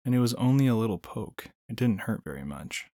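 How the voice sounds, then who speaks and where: A man voicing a gentle, modest young fawn. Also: medium pitch, big pitch swings, a little fast, no echo, studio quality. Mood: earnest. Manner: mild, earnest.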